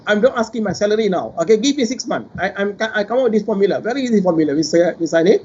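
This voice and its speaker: A professor with a Malaysian English accent, speaking at a webinar panel in an animated, rambling way and addressing the other panelists directly. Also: male voice, sits high, rapid-fire, husky, lo-fi sound. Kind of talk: panel discussion remarks.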